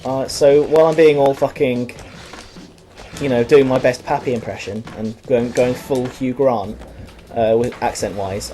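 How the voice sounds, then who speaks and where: A man's voice: mid-range voice, steady tone, unhurried, warm tone, a little hiss or hum. A young man giving rambling, profane, self-mocking commentary while playing a video game. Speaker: let's play commentator.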